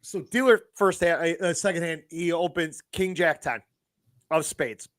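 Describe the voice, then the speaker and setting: A man co-hosting a podcast, loud and brash, swearing and laughing through crude casual banter. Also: fairly high pitch, unhurried, no room sound. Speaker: podcast co-host.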